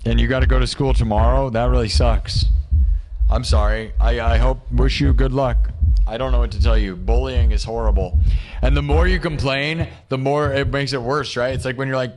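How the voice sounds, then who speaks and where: A man's voice: mid-range voice, fairly even intonation, moderate pace, a little mellow. A young man hosting a livestream, chatting casually and joking while he reads out viewer comments, rambling and firing off rhetorical questions. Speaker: livestream host.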